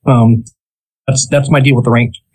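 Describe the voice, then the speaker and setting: A man's voice: mid-range voice, level tone, normal speed, darkish tone, slightly rough, low-quality recording. A man co-hosting a casual gaming podcast, rambling and hesitant, with many ums and restarts. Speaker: podcast co-host.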